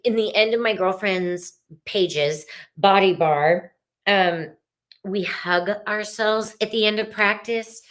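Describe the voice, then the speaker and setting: Woman, middle-aged, tarot reader, live stream, slow unhurried speech, lowish voice, meandering, soothing.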